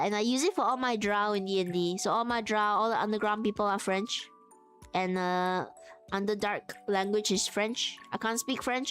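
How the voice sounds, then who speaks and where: A woman streamer chatting casually and giggling often, with lots of fillers, while sewing on a livestream. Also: medium pitch.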